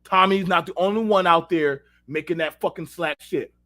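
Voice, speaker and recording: Guy hosting a talk show, ranting with lots of cussing, voice sits up high and cuts through. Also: moderate pace, bright, forceful tone. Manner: profane, heated storytelling; addresses listeners directly. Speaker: show host. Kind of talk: unfiltered casual rant.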